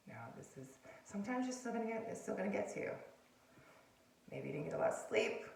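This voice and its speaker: A woman's voice: deep voice, creaky, slight background noise. A woman giving casual advice, rambling and repeating herself, often dropping to a whisper. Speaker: self-help video host. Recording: roomy sound, distant from the mic, faint ambience.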